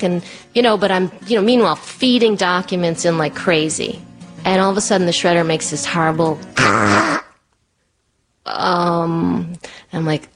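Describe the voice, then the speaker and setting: A woman telling a personal story with animated, breathless, self-deprecating energy. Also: fairly low pitch, normal speed, soft background music. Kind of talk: personal story told to an audience.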